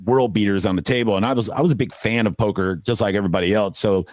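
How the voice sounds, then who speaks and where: A middle-aged man with a low voice spins stories in a relaxed, profane way. He jumps high in pitch whenever he acts out what someone said. The recording is dry and close, with no room sound. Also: fast talker, no room sound. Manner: animated, swears freely, acts out quotes with big jumps in pitch. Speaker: poker dealer telling stories on a podcast. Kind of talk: casual storytelling.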